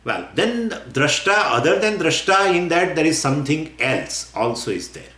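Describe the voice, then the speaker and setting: A man teaching scripture in a lecture. He talks in an animated way, acts out imagined questions and often chuckles. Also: on the high side, normal speed. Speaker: spiritual teacher. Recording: roomy echo.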